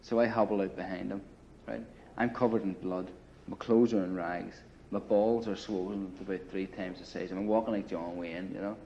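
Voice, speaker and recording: Low and dark-toned, the older Irish man's voice stays steady at normal speed with hardly any pauses as he recalls his paramilitary days. His account is blunt and offhand, peppered with curses and "you know." Slight background noise runs through a somewhat muffled recording.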